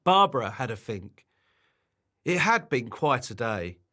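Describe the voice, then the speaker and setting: A man reads a children's bedtime story aloud in a bright voice. He takes his time, and his pitch rises and falls in broad, animated sweeps. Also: unhurried.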